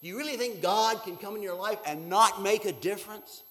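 A man preaching a sermon as pastor, shifting between hushed, whispered lines and loud, emphatic ones. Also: high-pitched, a little fast. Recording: reverberant hall.

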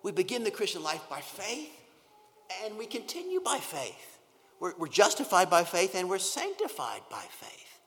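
A man preaching a sermon, earnest and emphatic, often repeating words and dropping from loud stress to a near-whisper. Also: sits high, huge pitch swings, moderate pace. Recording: long hall reverb.

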